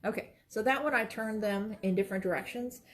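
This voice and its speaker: A woman's voice: mid-range voice, a little fast. A woman, chatting and rambling to viewers while she demonstrates quilting, talking straight to her audience. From Florida. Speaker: quilting livestream host.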